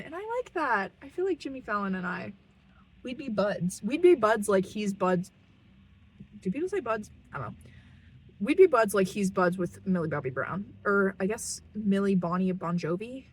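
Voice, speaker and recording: A young vlogger talks to camera from her parked car, her husky, mid-range voice drifting through a loose, self-deprecating monologue punctuated by giggles. The recording quality is low.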